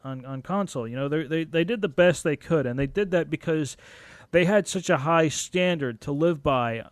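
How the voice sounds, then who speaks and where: A man's voice: fairly high pitch, no room sound. A young man hosting his own podcast, ranting angrily and swearing freely, with laughs breaking through. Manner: angry, profane ranting; animated rant with laughs and frequent swearing. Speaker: podcast host. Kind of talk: solo podcast rant.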